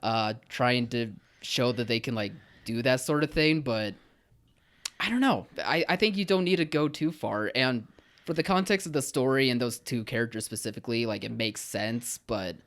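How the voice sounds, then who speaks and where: A man's voice: medium pitch, moderate pace, a bit bright. A man co-hosting a podcast, giving a film review in casual chat, earnest and hesitant with frequent restarts.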